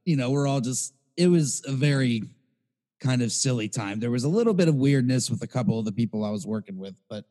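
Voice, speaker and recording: A man's voice: mid-range voice, expressive, brisk, warm tone, big-room sound. A man co-hosting a podcast, telling a rambling, profane story in casual chat. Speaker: podcast co-host.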